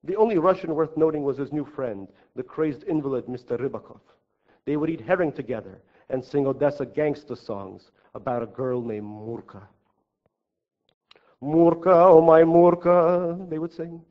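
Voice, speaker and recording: A male author reads his prose aloud on a festival stage, his delivery wry and ironic. The recording sounds muffled and lo-fi, as if the highs were dulled. His pitch sits in an ordinary middle range for a man. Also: normal speed. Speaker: author reading his fiction. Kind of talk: live reading of literary prose. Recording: dull lo-fi live recording.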